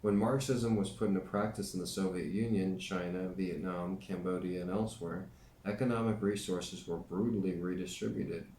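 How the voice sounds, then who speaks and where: A man with a very low voice reads a nonfiction book aloud, breaking off now and then for dry, joking remarks. The room rings around him with a noticeable echo, and faint noise sits underneath. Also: fairly even intonation, moderate pace, darkish tone. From United States. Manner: dry joking asides between read passages. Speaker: reader and teacher.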